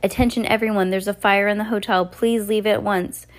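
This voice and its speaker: A woman's voice: mid-range voice, fairly even intonation, fairly quick, pitched above the performer's own voice, natural voice. A woman voicing a clever teenage girl in a read-aloud storybook, calling out urgently. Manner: urgent, desperate.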